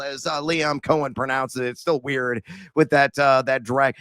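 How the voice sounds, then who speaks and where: High, bright-voiced excitable podcast host. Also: male voice, moderate pace, no echo. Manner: animated, self-mocking, bursts into shouts. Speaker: sports betting podcast host. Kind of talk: excitable betting picks chat.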